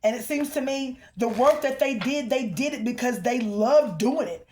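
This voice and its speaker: Addressing the viewer in a collective spiritual reading, a woman speaks emphatically, invokes the ancestors partway through, and keeps asking "okay?". Her voice is on the high side and darkish in tone, at normal speed.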